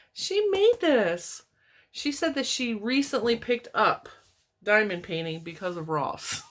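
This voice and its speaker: Chatty woman, laughs a lot. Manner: chatty and rambling, laughs often, pitch leaps up when excited. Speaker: crochet vlogger opening mail from viewers. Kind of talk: casual chat. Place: home, indoors, TV on in the room.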